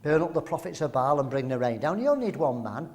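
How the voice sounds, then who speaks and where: A man's voice: fairly high pitch, very animated, quick pace, darkish tone. An older man from England preaching a sermon, emphatic and full of rhetorical questions.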